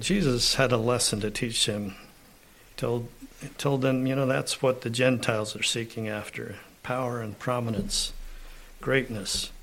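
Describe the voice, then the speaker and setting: A man preaching a sermon. He clears his throat often and reads scripture aloud with rising emphasis. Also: medium pitch, a bit bright. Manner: slow, unhurried preaching with frequent throat clearing.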